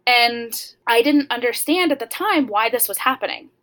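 A young woman with a slightly high voice speaks as a guest. She tells a painful personal story openly, in plain words with lots of casual fillers. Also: expressive, normal speed, fairly bright tone, rough recording. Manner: candid, frequent "like" fillers.

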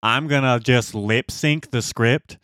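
A man's voice: mid-range voice, slow pace, a bit bright, no room sound, clean studio sound. A man co-hosting a podcast in casual chat, joking and self-mocking as he rambles along. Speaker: podcast co-host.

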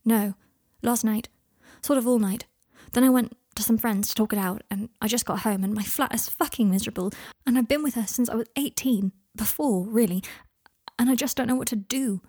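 A woman's voice: a little high, fairly quick, dark tone, slightly rough, no room sound, studio quality. A woman voicing an anxious, lonely young man in his twenties who blurts out his feelings, in a fan-fiction audiobook reading. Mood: distraught. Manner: unsettled, blurting.

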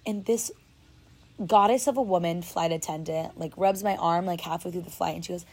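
A woman's voice: on the low side, brisk, husky. A young woman telling a travel story in a chatty, dramatic way, full of filler words. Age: young adult. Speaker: storyteller vlogger. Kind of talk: casual storytime. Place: outdoors, then moves indoors.

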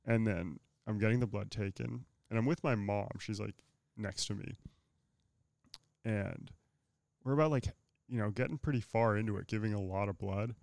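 A man's voice: on the low side, normal speed, creaky, a little mellow, no room sound, clean studio sound. A young man telling a casual story on a podcast, swearing freely and filling his talk with "like". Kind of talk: casual chat.

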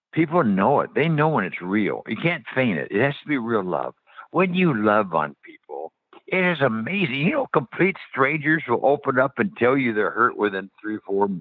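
A man's voice: medium pitch, slightly rough, dry recording. Man, radio guest, passionate, eager, restarts sentences, dry, tinny phone-like sound. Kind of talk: faith testimony on a radio interview.

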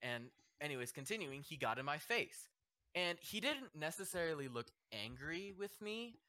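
A man's voice: a little high, very animated, moderate pace, sharp tone, dry recording. A young man hosting a casual group chat and telling a long rambling story, laughing as he goes. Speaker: host and judge.

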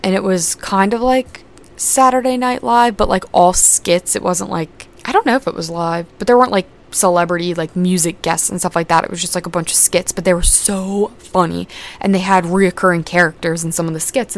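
A woman's voice: fairly low pitch, fairly even intonation, a little fast. A young adult woman hosting a podcast in casual chat, rambling with lots of fillers and casual swearing. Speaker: podcast host.

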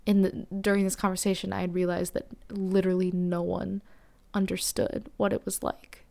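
A young woman hosting a podcast, telling a personal story candidly with many fillers and breathy whispered asides. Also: lowish voice, level tone, moderate pace, dark tone. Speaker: podcast host.

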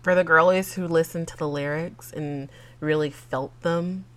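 A woman's voice: deep voice, steady tone, moderate pace, fairly bright tone. A woman hosting a casual solo podcast. She is chatty and openly emotional, fights back tears, laughs between thoughts, and talks to her listeners as "y'all". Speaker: podcast host.

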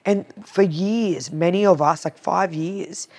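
Australian woman, podcast guest, animated storyteller who acts out the dialogue. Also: on the low side, slow pace. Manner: animated, acts out both sides of conversations. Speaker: podcast guest, cleaning business owner. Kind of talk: casual storytelling interview.

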